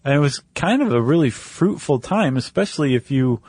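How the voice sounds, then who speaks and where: A man's voice: fairly high pitch, animated, a little fast, darkish tone, husky, no room sound. A man co-hosting a casual podcast chat, loose and joking as he explains history. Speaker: podcast co-host.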